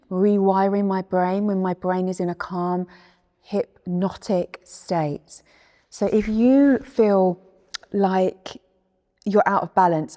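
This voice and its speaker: Soft-spoken woman with a mellow tone. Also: medium pitch. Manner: soft, slow and soothing, with a guided breathing passage. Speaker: spiritual speaker. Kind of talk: inspirational spiritual talk. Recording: long echoing reverb.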